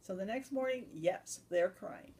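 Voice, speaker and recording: A woman's voice: medium pitch, lively intonation, measured pace, mellow, lightly acted. A woman voicing an aging, forgetful tooth fairy in a told story, meek and trailing off. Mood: weary.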